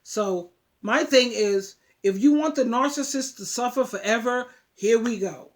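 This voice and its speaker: A woman giving emphatic, preachy relationship advice straight to her viewers, often repeating words. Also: a little high. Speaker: advice vlogger. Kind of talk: casual talk to camera.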